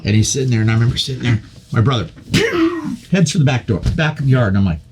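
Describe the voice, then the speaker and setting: An older man, a podcast guest, telling a long story in a casual, animated way, with many repeats and restarts. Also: mid-range voice, quick pace, a little hiss or hum.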